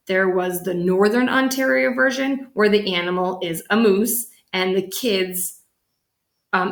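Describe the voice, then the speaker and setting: A woman reads a children's story aloud with bright animation. Her voice sits in a middle pitch and leaps high when she plays the characters. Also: reverberant. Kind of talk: reading a picture book aloud.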